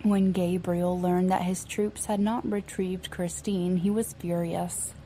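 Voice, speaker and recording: Woman narrating an audiobook, low-pitched. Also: fairly even intonation, slow, mellow, a little hiss or hum. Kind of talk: scripted narration.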